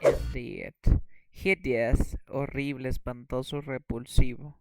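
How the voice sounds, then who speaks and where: A man's voice: medium pitch, steady tone, unhurried, vocal fry, smooth, dry recording, soft background music, rough recording. A man whose first language is Spanish, teaching English vocabulary and often checking in with "okay?". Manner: repeats words, checks in with "okay?". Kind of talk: bilingual lesson explanation.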